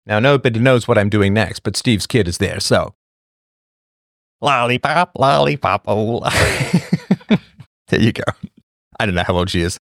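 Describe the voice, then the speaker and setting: A man's voice: on the low side, brisk, dry recording, clean studio sound. A middle-aged man hosting a casual livestream, chatting, laughing and giving blunt advice to viewers. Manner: chatty and blunt, laughs often, drifts off topic. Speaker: livestream host answering viewer questions. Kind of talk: casual chat.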